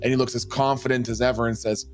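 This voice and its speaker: A man's voice: medium pitch, flat delivery, quick pace. Male tabletop player, casual and playful, faint music behind. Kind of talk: describing character actions in a tabletop game.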